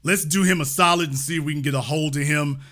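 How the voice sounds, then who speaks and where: A man's voice: fairly high pitch, fairly even intonation, fast, sharp tone. A man hosting a live call-in talk show, talking casually and repeating his points. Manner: casual, repetitive, restates lines.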